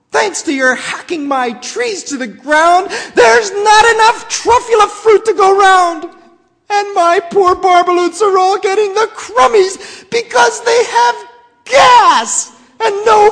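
A man voicing a short, old, mossy male forest creature who speaks in a sharp, bossy shout while reading a storybook aloud. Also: very high voice, huge pitch swings, very slow, long reverb tail, pitched above the performer's own voice, heavily acted. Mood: scolding.

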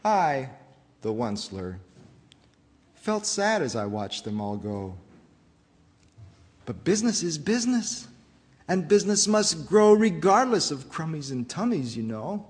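A man preaching a sermon, reading a rhyming storybook aloud in an expressive, rhythmic way. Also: on the high side, measured pace, pauses often, long reverb tail. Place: church.

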